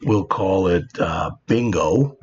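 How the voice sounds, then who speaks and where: A man's voice: deep voice, slow pace, darkish tone, slightly rough. A man teaching programming in a screen-recorded coding tutorial, explaining plainly and often saying "all right". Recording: dull lo-fi sound with faint background noise.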